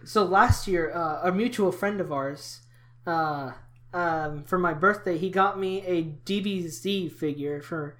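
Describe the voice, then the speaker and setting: A man's voice: sits high, a little slow, a bit bright. A young man around eighteen co-hosting a casual podcast chat, ranting at length and laughing often. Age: late teens. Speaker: podcast co-host.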